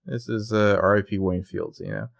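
Gravelly low-voiced man chatting. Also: fairly even intonation, normal speed. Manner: chatty, swears freely, laughs often. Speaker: podcast co-host. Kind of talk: casual recap chat.

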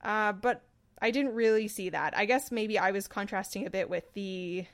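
A woman co-hosts a podcast in a relaxed discussion, speaking at a medium pitch. She is chatty and jokes around, often breaking into laughs. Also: normal speed. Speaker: podcast co-host. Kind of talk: casual discussion.

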